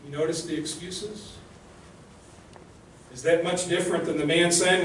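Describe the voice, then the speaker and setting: A man's voice: fairly high pitch, moderate pace, pauses often, a little hiss or hum. A male minister preaching a sermon in an earnest, direct way, often asking the congregation rhetorical questions, recorded in a church. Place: church sanctuary. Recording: echoey church room, mic at a distance.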